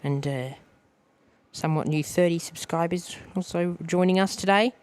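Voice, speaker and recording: A man, hosting a casual plane-spotting live stream outdoors, easygoing and halting, often repeating words. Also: fairly high pitch, clean tone, dry recording. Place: outdoors at an airport.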